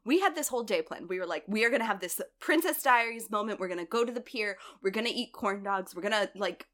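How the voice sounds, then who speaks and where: Animated, bright-voiced woman co-host. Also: medium pitch, fast talker. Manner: emphatic, animated storytelling. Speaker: podcast co-host. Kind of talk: casual chat.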